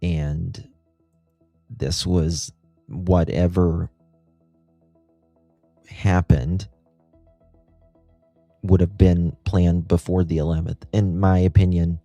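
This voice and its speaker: Male livestream host, deep mellow voice, dry close sound, ponders aloud. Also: fairly even intonation, drawn-out words, pauses often, no echo, soft background music. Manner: musing, thinks aloud with rhetorical questions. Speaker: true-crime livestream host. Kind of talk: casual livestream commentary.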